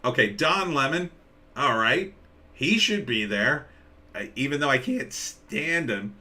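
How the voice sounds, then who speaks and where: A man's voice: medium pitch, lively intonation, a little slow, bright, forceful tone. A man hosting a live stream, giving casual, sarcastic commentary and reading out viewer comments. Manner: sarcastic, rambling, reads out chat comments.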